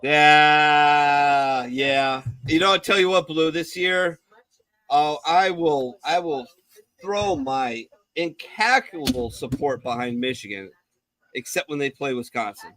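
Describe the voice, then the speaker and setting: A man's voice: on the high side, slow, pushed and bright, dry recording. A man hosting a loose, profane bar-room talk show, joking around with a slightly raised voice. The sound is dry and close, with little room around it. He rambles and drinks as he chats. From American Midwest. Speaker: podcast host. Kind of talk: casual bar-room chat. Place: bar compound, live stream.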